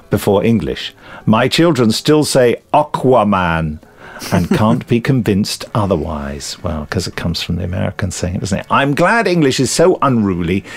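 A man co-hosting a podcast, chatting casually and reading listener emails aloud in a lively, amused way. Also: lowish voice. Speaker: podcast co-host.

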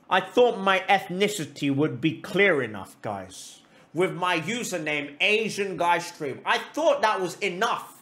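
High-voiced man ranting in mock outrage. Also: very animated, moderate pace, pushed and bright. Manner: mock-outraged, teasing comedic rant. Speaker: game streamer. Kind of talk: casual gaming stream chat.

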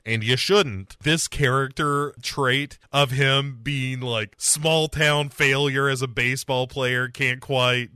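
Bright-voiced sarcastic man riffing. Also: mid-range voice, steady tone, slow, hardly any pauses, smooth, dry recording, clean studio sound. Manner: sarcastic riffing, mock-flirty bits. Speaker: podcast co-host. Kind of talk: comedic movie recap.

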